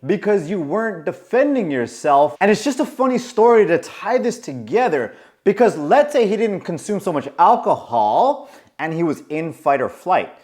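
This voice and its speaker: A man in his forties telling a story to camera in a casual, animated way, acting out the voices of the people in it. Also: high voice, normal speed. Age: 40s. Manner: animated, acts out quoted voices. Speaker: coach.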